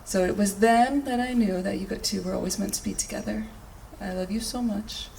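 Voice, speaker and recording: A woman giving a short, playful toast to friends, with quick asides. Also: medium pitch, creaky, darkish tone, slight background noise. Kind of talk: brief humorous toast. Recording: distant mic with faint ambience.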